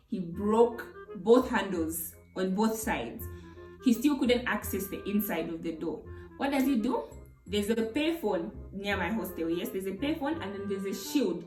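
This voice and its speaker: A young woman from Zambia with a Zambian English accent, telling a story in an animated, exclamatory way for her vlog. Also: medium pitch, a little slow. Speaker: YouTuber. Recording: roomy, distant mic, faint music.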